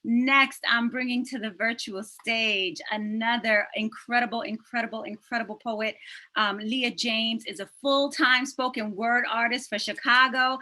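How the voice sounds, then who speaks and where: A woman's voice: a little high, moderate pace, sharp tone, low-quality recording. A woman teacher hosting a virtual poetry event over a video call, chatty and self-deprecating, laughing as she introduces the next poet. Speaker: host and teacher.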